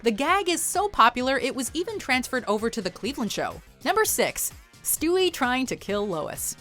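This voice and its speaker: A woman reads a scripted countdown with a wry, playful edge. Her pitch sits a touch high and swings widely from phrase to phrase. Faint music plays beneath her. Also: big pitch swings, normal speed, a bit bright. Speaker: countdown narrator.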